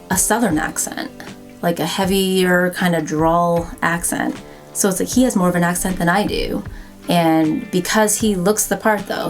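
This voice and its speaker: A woman in her thirties talking casually to camera, conversational and wry, with plenty of "like" fillers. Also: on the low side. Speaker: vlogger.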